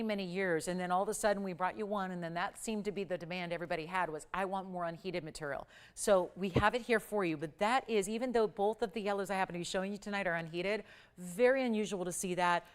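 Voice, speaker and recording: Woman, TV shopping host, live jewelry pitch, smooth resonant voice, upbeat urgent patter, studio. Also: fast talker. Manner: urgent, upbeat salesy patter with price countdowns.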